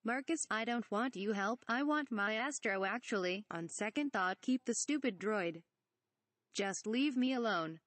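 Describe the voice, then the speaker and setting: A woman's voice: fairly high pitch, lively intonation, unhurried, no echo. A woman voicing an irritable young male pilot, reading his snappish lines from a parody script. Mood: annoyed. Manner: exasperated, snappish.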